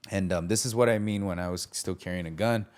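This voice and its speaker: Speaking fast in a low-pitched voice, a young podcast host tells a personal story. He's casual and slangy with lots of fillers, and he animatedly performs what others said.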